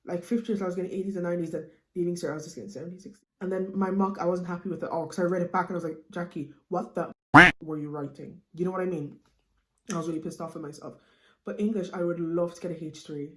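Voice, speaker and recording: A woman's voice: on the low side, very fast, reverberant. A young Irish woman in her late teens, chatting casually and animatedly to camera as a student vlogger. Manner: chatty, animated, with lots of fillers like "you know what I mean".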